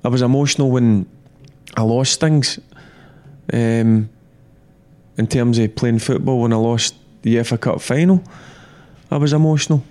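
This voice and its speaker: A middle-aged man, a former player, talking football in a blunt, animated, repetitive way. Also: medium pitch, a little slow, pauses often. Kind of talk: casual football chat.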